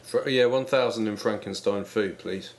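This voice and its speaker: A man's voice: on the low side, normal speed. A man playing a quiz contestant in comedy banter, dry and nitpicking about the questions.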